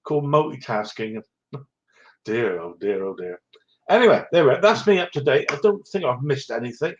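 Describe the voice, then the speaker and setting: Speaking at normal speed with medium pitch and lively intonation, a man runs a live stream and reads out comments in a casual chat. He names viewers as he greets them, chuckling a little and sounding short of breath. The sound is lo-fi with a bit of hiss or hum.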